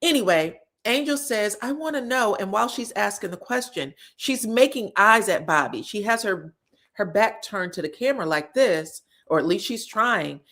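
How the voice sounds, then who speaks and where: A woman with a mid-range voice hosts a reality TV recap in loose, casual talk. She is sassy and animated, laughs often, and acts out the cast's lines as she goes. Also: mid-range voice, moderate pace.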